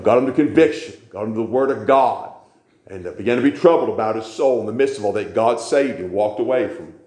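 A male preacher delivers a sermon in a roomy, echoing church. His voice sits at an ordinary pitch, and he drives points home by repeating phrases. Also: darkish tone.

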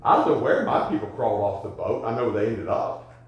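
A man preaching a sermon, telling folksy stories and rising to loud, emphatic questions. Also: lowish voice, lively intonation, a little fast, lo-fi sound. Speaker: pastor. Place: church sanctuary. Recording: echoey church sanctuary.

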